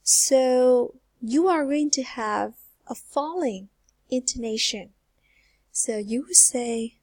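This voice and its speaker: A young woman gives an English pronunciation lesson at an unhurried pace. Her voice is slightly raised in pitch with a husky edge. She repeats each example phrase slowly to demonstrate it. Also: expressive, a little mellow, dry recording. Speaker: English teacher. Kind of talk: slow, careful pronunciation lesson.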